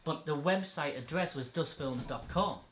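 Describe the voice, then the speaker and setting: A man's voice: fairly high pitch, normal speed, a bit bright, slight background noise. A man hosting a podcast, telling stories in a blunt, sweary, casual way. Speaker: podcast host. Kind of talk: casual chat. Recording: echoey room.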